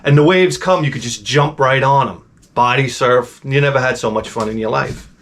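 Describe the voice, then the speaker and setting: A man telling a personal story in a casual, rambling, animated way, with swearing and restarts. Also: mid-range voice, moderate pace, a little hiss or hum. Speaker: host.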